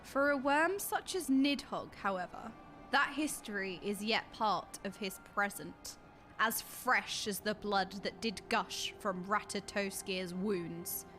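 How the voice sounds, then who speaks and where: A woman's voice: medium pitch, slow pace, fairly bright tone, soft background music, voice pushed down. A woman reading aloud as an ancient, bitter male dragon, solemn and archaic while playing a game. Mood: grave.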